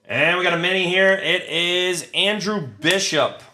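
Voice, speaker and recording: A man's voice: high voice, a little slow. A man hosting a live card break, reading out pulls with crude, joking banter. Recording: roomy with faint noise.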